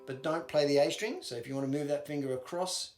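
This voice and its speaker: Guitar teacher, male, fairly high voice, scats the strums aloud, roomy sound, loud guitar behind. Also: quick pace. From Australia. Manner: counts and sings rhythms aloud while playing. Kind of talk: instructional walkthrough.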